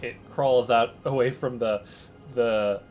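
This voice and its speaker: A man's voice: mid-range voice, slow pace. Laid-back guy running a tabletop game, mid voice, bit of music in the background. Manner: relaxed and chuckling, with loose fillers. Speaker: game master.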